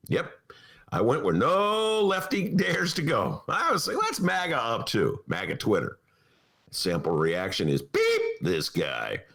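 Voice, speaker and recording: A male podcast host in a studio, talking politics casually in a wry, animated way full of asides. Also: low-pitched, creaky, husky. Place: radio studio.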